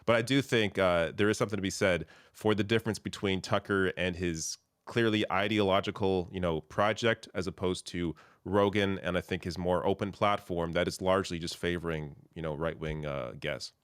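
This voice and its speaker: A man hosting a political discussion, opinionated and filling pauses with "you know". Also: low voice, steady tone, smooth, no room sound, studio quality. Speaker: host.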